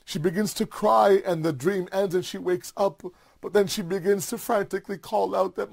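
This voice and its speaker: A man's voice: high-pitched, fairly even intonation, normal speed, vocal fry, a little mellow, no echo. A man delivering a mourning sermon, narrating with impassioned, repetitive emphasis. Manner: impassioned, repetitive, builds to fervent cries. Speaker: preacher.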